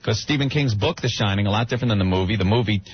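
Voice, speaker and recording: A man's voice: lowish voice, a little hiss or hum. A man hosting a radio show, chatting casually and animatedly about films and laughing often. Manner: animated, laughing, quick to do voices. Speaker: radio host. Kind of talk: casual talk-radio chat. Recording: muffled radio broadcast.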